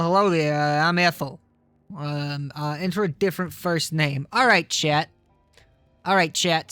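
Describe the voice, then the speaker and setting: With a mid-range, slightly bright voice and no room sound, a game streamer chats casually with viewers while playing. He swears a lot and rambles, often poking fun at himself.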